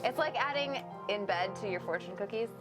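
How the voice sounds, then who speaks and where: A woman's voice: mid-range voice, animated, brisk. A woman co-hosting a gaming livestream, teasing and often laughing. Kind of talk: playful livestream chat. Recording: game stream with music behind.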